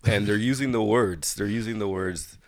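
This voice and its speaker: Low gravelly man chatting on a podcast. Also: normal speed, no echo. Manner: relaxed, chatty, laughs often. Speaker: podcast co-host. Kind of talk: casual chat. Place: Toronto area.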